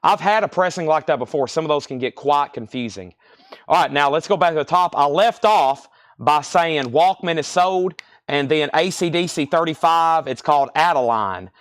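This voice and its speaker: A man calls out records, prices and buyers in quick, repetitive auction patter. His voice sits a little high, and the sound is dry and close, with almost no room around it. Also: fairly bright tone, no echo. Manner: rapid-fire, repetitive calls of sales and prices. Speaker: live-stream record seller.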